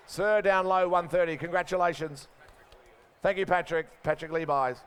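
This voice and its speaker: A man calling bids as an auctioneer at a live horse sale, chanting numbers in a rapid rhythm and coaxing bidders. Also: high voice, steady tone, a bit bright, smooth. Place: sale ring.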